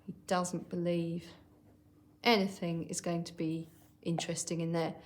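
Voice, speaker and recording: Slow, low-voiced teacher woman. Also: level tone. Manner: models example lines aloud slowly while writing. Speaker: primary school teacher. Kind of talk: recorded online lesson.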